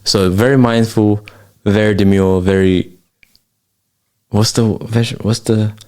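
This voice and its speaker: Man, young, lowish voice, slangy ranting, casual podcast chat. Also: fairly even intonation, slow, darkish tone, smooth. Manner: ranting, slangy, swears freely. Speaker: podcast host. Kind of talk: casual late-night chat.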